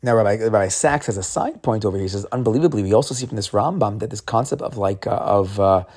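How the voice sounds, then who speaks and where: A man's voice: lowish voice, fast, a little mellow. A man giving a casual, conversational Torah talk, often restarting and repeating words as he retells the story. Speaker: Torah teacher.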